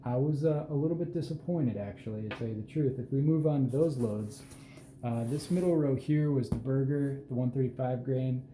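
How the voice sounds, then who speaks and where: A man giving an unhurried, plain-spoken walkthrough at an indoor reloading bench, with self-deprecating asides. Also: mid-range voice, warm tone, a little hiss or hum. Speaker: host showing his hand loads. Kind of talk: casual hands-on explanation. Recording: roomy echo with faint ambience.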